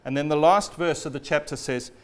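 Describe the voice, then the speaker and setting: A man preaching a sermon in a storytelling way, often dropping low and quiet at the ends of phrases. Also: a little fast.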